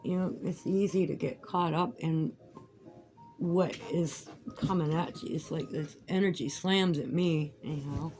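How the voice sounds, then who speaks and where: Woman, lower voice, swearing, rambling casual monologue, laughing a lot. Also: steady tone, a little slow, darkish tone, faint music behind, low-quality recording. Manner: profane, rambling, laughs often. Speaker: vlogger. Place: at home while crafting.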